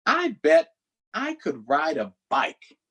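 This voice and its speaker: A man's voice: high-pitched, huge pitch swings, slow, vocal fry, fairly bright tone, pitched above the performer's own voice, full character voice. A man voicing a cheerful, daring duck in a picture book read-aloud. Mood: eager.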